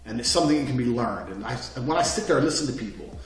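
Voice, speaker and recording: A man giving a lecture course, talking forcefully and bluntly with lots of swearing. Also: mid-range voice, expressive, very fast. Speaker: instructor. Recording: very echoey room, mic far off.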